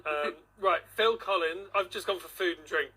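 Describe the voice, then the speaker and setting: A man's voice: high voice, moderate pace, pushed and bright, rough recording. A man presenting on a casual radio show, joking and self-deprecating.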